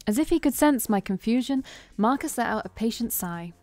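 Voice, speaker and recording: A woman's voice: a little high, brisk, few pauses, soft background music. Woman reading a game's text aloud. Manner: expressive, chatty, self-deprecating asides. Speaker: streamer playing a visual novel. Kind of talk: reading game text aloud with casual asides.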